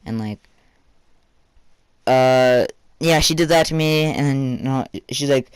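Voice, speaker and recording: A man's voice: medium pitch, unhurried, long pauses, smooth, dry recording. A teenage boy telling a rambling personal story for a vlog, full of fillers and casual swearing.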